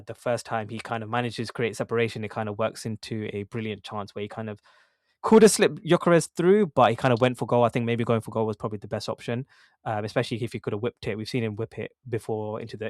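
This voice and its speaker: A man's voice: on the low side, level tone, fast talker, dry recording, clean studio sound. A young man co-hosting a football podcast, talking casually with lots of fillers and restarts. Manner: conversational, many fillers and restarts. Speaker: podcast co-host.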